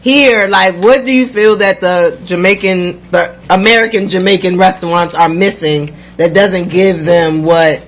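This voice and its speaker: Interviewer, mid-pitched, curious and wandering; slight noise. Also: measured pace, few pauses, a bit bright. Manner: curious, asks rambling questions. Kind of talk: casual interview.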